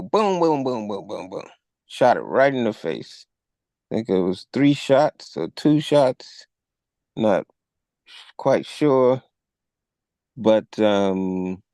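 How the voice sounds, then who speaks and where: A man co-hosting a talk show, recounting a news event in a measured, storytelling way. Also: on the low side, expressive, warm tone, no echo. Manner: measured storytelling, acts out quoted officers with raised voice. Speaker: podcast co-host. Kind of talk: conversational retelling of a news story.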